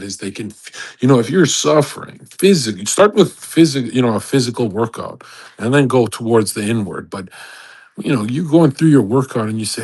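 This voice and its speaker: A man's voice: mid-range voice, lively intonation, moderate pace, a little mellow, slightly rough. A man giving an intense, rambling motivational monologue in casual chat, often restarting his sentences. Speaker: livestream speaker. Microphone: home microphone on an audio chat space.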